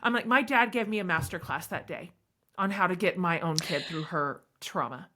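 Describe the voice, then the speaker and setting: A woman's voice: on the low side, normal speed, pushed and bright. A middle-aged woman talking as an author in a candid podcast interview, earnest and emphatic as she tells her story.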